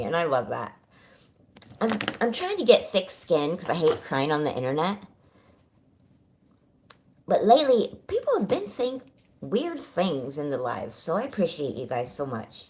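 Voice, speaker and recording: This livestream host, a middle-aged woman from California, has a fairly low, darkish voice. Her casual home stream is full of bubbly chatter, frequent laughter, and greetings to viewers by name.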